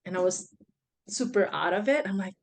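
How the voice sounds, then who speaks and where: A woman's voice: mid-range voice, moderate pace, a little hiss or hum. Woman telling a story. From Indonesia. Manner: rambling, many fillers and restarts. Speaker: guest sharing her birth story. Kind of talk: casual personal storytelling.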